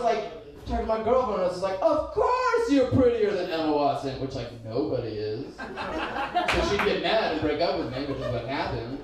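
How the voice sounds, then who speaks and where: A young man in his twenties doing a stand-up set, rambling and self-deprecating, breaking into silly voices. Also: a little high. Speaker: stand-up comedian. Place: comedy stage indoors. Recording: very echoey room from far off.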